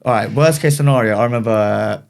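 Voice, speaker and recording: A man from Slough with a mid-range voice talks in a relaxed, slangy way on a podcast. He muses over his points and draws them out without hurrying. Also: mid-range voice, creaky. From Slough, England. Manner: laid-back, slangy, drawn-out musing. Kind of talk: casual podcast chat.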